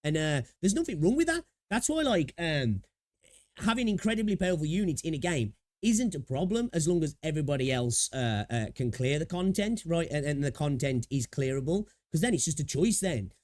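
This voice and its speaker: A man livestreaming casual commentary as he reacts to a video. He thinks out loud, rambles, laughs easily, and keeps checking in with "right?". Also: a little high, big pitch swings, brisk.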